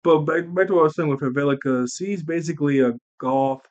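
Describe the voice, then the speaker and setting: A young man rambles through a casual recap of a childhood movie. He laughs often and jumps into the characters' lines. His voice sits a little high, and the recording sounds dull and lo-fi. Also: quick pace, darkish tone. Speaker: movie reviewer.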